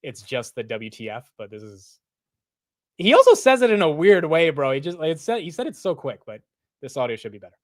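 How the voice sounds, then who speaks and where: A man hosting a live stock market stream, talking casually and excitably with loose slang and frequent laughs. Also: fairly high pitch, brisk, no room sound, clean studio sound. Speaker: market livestream host.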